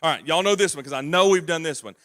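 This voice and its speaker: A man's voice: fairly high pitch, fast talker, a bit bright. A man with a Southern US accent, a Bible class teacher patiently quizzing and prompting children during a church service. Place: church auditorium.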